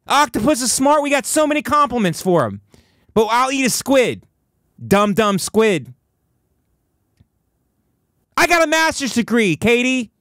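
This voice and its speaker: A high-voiced man rants in a comic monologue, getting mock-indignant and acting out the other person's lines. The sound is dry and close, with no room around it. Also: a little slow, no room sound. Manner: animated, mock-indignant, acts out quotes.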